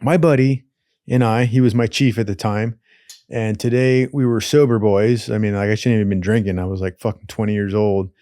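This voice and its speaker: A man with a lowish voice rattles off wild stories at a brisk clip, rambling, cursing, and throwing in asides. His slangy, animated delivery leans on "dude," captured in clean studio sound with no echo.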